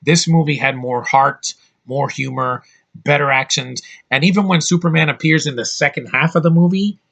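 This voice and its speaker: A man's voice: mid-range voice, gravelly, bright, forceful tone. A man giving a casual spoken movie review, enthusiastic and blunt, rambling with restarts and the odd swear word.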